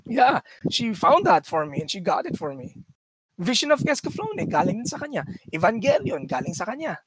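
A man's voice: high voice, wildly swooping pitch, brisk, fairly bright tone, breathy edge, no echo. A man co-hosting a podcast, telling family stories in casual chat and laughing often. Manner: laughing storyteller, switches between English and Tagalog. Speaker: podcast co-host.

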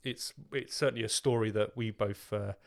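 A man's voice: lowish voice, fairly even intonation, moderate pace, creaky. A man co-hosting a podcast in casual chat, rambling with lots of filler words and restarts. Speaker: podcast co-host.

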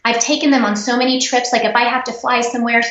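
A woman guest in an interview, telling personal stories in an earnest, animated way. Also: fairly high pitch, quick pace. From United States. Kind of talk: interview storytelling. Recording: echoey, dull remote audio.

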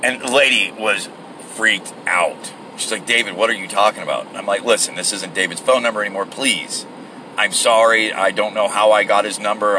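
Sitting in his car at a gas station, a middle-aged podcast host tells a meandering story solo, putting on mock voices for its characters. His voice is lowish, and background noise is audible.

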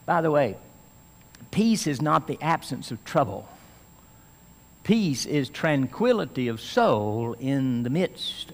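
A man's voice: medium pitch, a bit bright, big-room sound. A man preaching a sermon as pastor, earnest and explaining Scripture, rising to strong emphasis at times.

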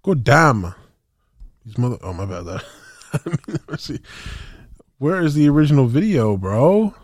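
This co-host speaks at a normal speed in a medium-pitched voice with big swings in pitch. His casual podcast chat wanders and is loaded with slang, fillers, and restarts. There's no room sound, and the studio recording is clean.

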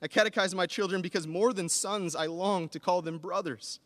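Male pastor, thirties, earnest sermon delivery, slightly high voice, long hall echo. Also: normal speed. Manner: earnest, building to animated emphasis.

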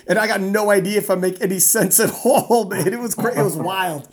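A woman strongman athlete from North America, telling a story in a casual interview, animated and rambling with fillers. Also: fairly high pitch, a little fast, few pauses.

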